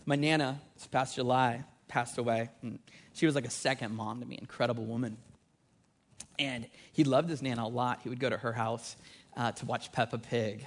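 A man in his thirties preaching a sermon with energetic, conversational emphasis that rises on key points. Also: mid-range voice, brisk. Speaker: pastor.

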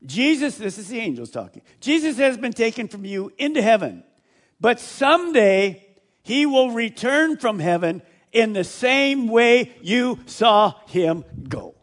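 A middle-aged male pastor preaching a sermon, reading scripture aloud with swings between loud declaration and hushed asides. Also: extremely high pitch, measured pace. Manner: animated preaching, voices scripture loudly then drops to hushed asides.

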